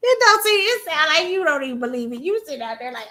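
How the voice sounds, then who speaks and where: A sassy woman rants through casual pop culture commentary, laughing often. Her voice sits a touch high. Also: fast. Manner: laughing, sassy, animated ranting with mocking put-on voices. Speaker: host.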